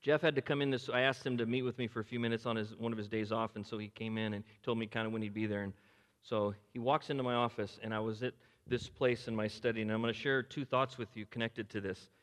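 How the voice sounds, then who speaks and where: A middle-aged pastor preaching a sermon in a conversational, animated way, swinging between emphatic highs and quiet, hushed lows. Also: male voice, fast talker. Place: church sanctuary. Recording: long reverb of a large hall.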